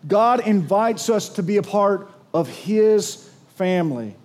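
High-voiced man preaching a sermon. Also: expressive, slow pace, a little mellow. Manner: storytelling with jokes, asks congregation to respond. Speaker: pastor.

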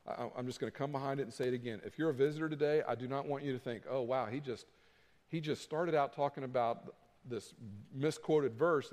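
A middle-aged pastor delivers his sermon in an earnest, conversational way, acting out what others might say. His voice sits a touch high for a man. A long reverb from the church sanctuary trails every phrase. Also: a little mellow. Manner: earnest, conversational preaching with quoted asides.

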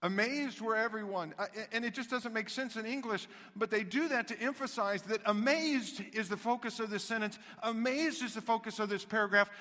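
A man preaching a sermon as pastor, animated and dramatic, dropping to a hush and then rising loud again. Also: sits high, fairly quick, few pauses, in a large hall. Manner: animated, dramatic shifts between hushed and loud.

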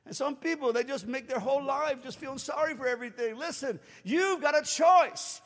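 High-voiced preacher in a reverberant hall. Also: male voice, fairly quick, few pauses. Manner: animated preaching, acting out quoted voices, rising to shouts. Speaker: pastor. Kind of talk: sermon.

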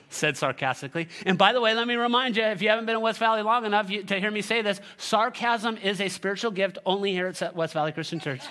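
Man, pastor, sermon, high-pitched, bright, animated, sarcastic asides. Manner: reads scripture aloud, leads congregation.

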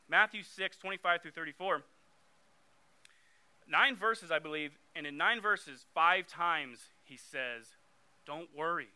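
A man's voice: on the high side, sharp tone, smooth. A young man giving a conversational sermon, getting emphatic when he reads scripture aloud. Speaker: youth preacher.

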